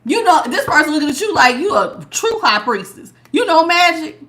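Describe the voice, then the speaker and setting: A woman's voice: high-pitched, very animated, moderate pace, a bit bright. A woman hosting a live tarot reading, chatting casually with viewers and laughing often.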